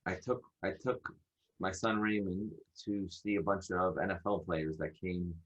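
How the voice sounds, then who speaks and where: A man, a podcast guest telling stories in an animated way, acting out dialogue and often restarting his sentences. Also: sits low, unhurried. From United States. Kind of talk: casual storytelling. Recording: dull lo-fi audio.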